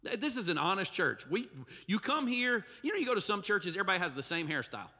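Man, pastor, emphatic funny sermon, high-pitched, echoing church hall. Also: big pitch swings, fast talker, sharp tone. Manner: humorous, emphatic preaching with asides. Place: church sanctuary.

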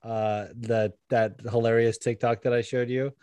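A man's voice: mid-range voice, level tone, a little slow, mellow, clear, resonant tone, no room sound. Podcast host guy rambling along, laughs a lot, swears, dry close mic. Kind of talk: casual chat.

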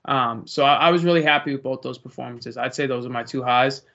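Here a young male pro fighter chats loosely through an interview, rambling and relaxed. His voice sits at medium pitch, moves fairly quickly, and sounds a little bright, though the recording is lo-fi and muffled.

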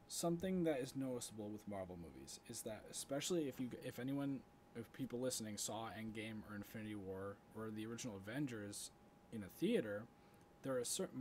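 Animated man on a casual podcast. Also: lowish voice, slight background noise. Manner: animated, gets louder when worked up. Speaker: podcast co-host. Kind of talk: casual chat.

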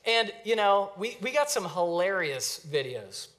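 A man in his thirties preaching a sermon in a conversational, storytelling way with lively asides. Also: high voice, a little slow. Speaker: pastor.

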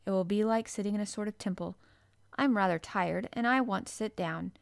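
A woman voicing an earnest young boy in a storybook, speaking gravely and with authority. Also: mid-range voice, fairly quick, dry recording, studio quality, natural voice. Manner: grave, commanding, chanting. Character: earnest solemn young boy leading a chant.

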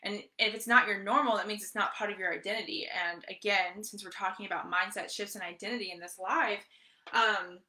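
A woman's voice: mid-range voice, fairly quick. A woman giving a live motivational training talk as a mindset coach. She talks with energy, repeats herself, and keeps checking in with her listeners. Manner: energetic, repetitive, often asks "right?" and says "guys".

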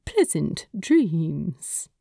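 A prim, affectionate male angel, voiced by a woman reader, fond and gently mocking in an unhurried, lively-pitched line. The reading is dry and close, like a quiet home recording of a story. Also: creaky, no echo, exaggerated voice.

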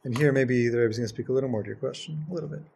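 Gravelly-voiced man teaching a Torah class. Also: medium pitch, a little mellow, slight background noise. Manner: reads Hebrew text fast then explains, rising to emphatic. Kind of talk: Jewish text class.

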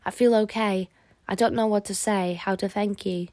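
A man's voice: high voice, fairly even intonation, moderate pace, a little mellow, dry recording. A woman voicing a young man, a curious prisoner recovering from illness, in an audiobook. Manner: curious, questioning. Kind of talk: audiobook character voice.

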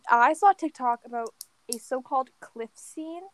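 High-voiced teen girl, rambling. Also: moderate pace, no echo. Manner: rambling, heavy use of "like". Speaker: podcast co-host. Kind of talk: casual chat.

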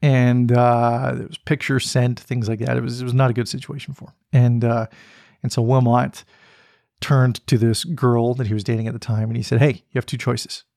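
Man, middle-aged, candid, reflective, mid pitch, dry. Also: level tone, normal speed, gravelly, a little mellow, no room sound. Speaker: podcast host. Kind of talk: personal storytelling.

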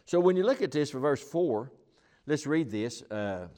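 A man's voice: a little high, lively intonation, normal speed, mellow. Rambling, emphatic man teaching the Bible. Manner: rambling, emphatic, many restarts and fillers. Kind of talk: informal Bible teaching chat.

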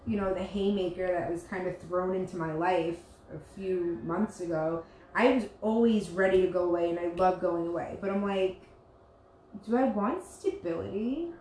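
A woman's voice: fairly low pitch, fairly even intonation, moderate pace, warm tone, echoey room, a little hiss or hum, low-quality recording. A woman co-hosting a podcast, blunt and casual, swearing now and then. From Italian family. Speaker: podcast co-host. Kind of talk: casual chat.

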